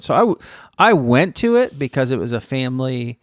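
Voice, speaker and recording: A man's voice: mid-range voice, sing-song, moderate pace, no echo, studio quality. A man co-hosting a podcast, telling rambling, self-mocking stories in casual chat. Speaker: podcast co-host.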